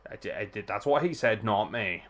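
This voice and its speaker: A young man hosting a live wrestling watchalong, reacting excitedly, swearing often and breaking into laughs and shouts. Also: fairly low pitch, moderate pace.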